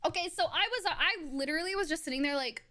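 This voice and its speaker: High-voiced animated young woman streamer. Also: fast. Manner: animated, profane, rambling with many restarts. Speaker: live streamer. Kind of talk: casual storytelling to stream chat.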